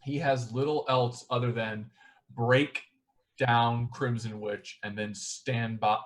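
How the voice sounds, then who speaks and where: A man narrating as dungeon master, describing items in a measured, descriptive way. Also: mid-range voice, fairly even intonation. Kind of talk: narrating a tabletop game.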